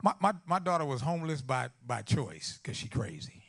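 A man preaching a sermon. He rises to loud, fervent lines and drops to hushed, near-whispered storytelling, repeating phrases for emphasis. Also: mid-range voice, sing-song, normal speed, gravelly, husky.

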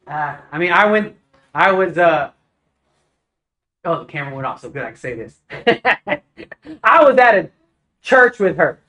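A man preaching a casual, conversational sermon, telling stories with lively acted-out dialogue. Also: fairly high pitch, measured pace, long pauses, low-quality recording. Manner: animated storytelling, acts out dialogue.

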